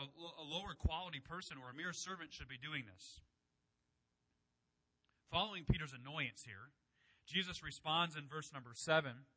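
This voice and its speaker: A young adult man preaching a sermon in a conversational way, acting out quoted lines with sudden loud bursts. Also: a little high. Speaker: pastor.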